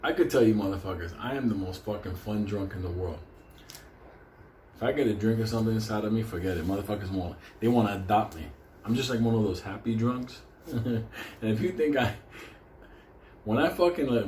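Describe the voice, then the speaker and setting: A man telling a profane comic story, animated and often laughing. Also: lowish voice, fairly quick, slight background noise. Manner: animated, laughing, heavy swearing. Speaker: show host telling a story. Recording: echoey room with faint ambience.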